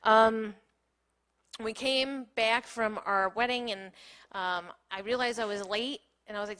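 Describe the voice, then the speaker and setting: A woman's voice: medium pitch, moderate pace, fairly bright tone. A woman in her thirties giving a candid storytelling talk on a small stage, laughing often and saying "like" a lot. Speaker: keynote speaker.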